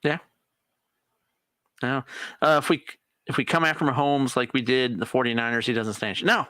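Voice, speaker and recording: A man co-hosting a casual live chat about football, easygoing and quick to laugh along. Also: medium pitch, sharp tone, no room sound. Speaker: co-host.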